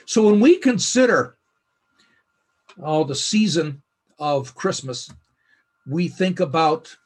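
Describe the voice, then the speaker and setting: Earnest husky male Bible teacher. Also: on the high side, sing-song. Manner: earnest, with slow emphatic phrasing. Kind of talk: scripted teaching.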